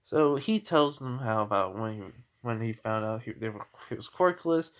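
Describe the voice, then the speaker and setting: A man casually retelling a fan-fiction story in a rambling, halting way, with lots of fillers and restarts. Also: mid-range voice, expressive.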